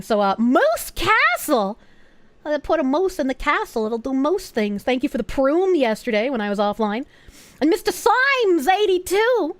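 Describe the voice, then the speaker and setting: High-voiced, excitable woman streamer. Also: moderate pace, no echo. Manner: excitable, swears freely, reads chat aloud. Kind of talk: casual live-stream chat.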